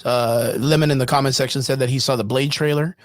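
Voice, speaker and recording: A man's voice: mid-range voice, fairly even intonation, quick pace, no room sound. A man co-hosting a casual podcast chat, easygoing and hedging his points with fillers. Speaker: podcast co-host.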